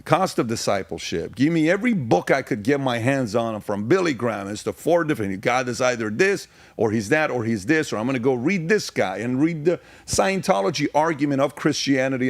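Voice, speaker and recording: A middle-aged man from Iran speaks as a podcast guest, in a steady, mid-range voice. He tells stories in a casual way and drives each point home with emphatic repetition. The recording is close and dry, with little room sound. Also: mid-range voice, dry recording. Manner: emphatic, rapid-fire repetition. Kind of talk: casual storytelling.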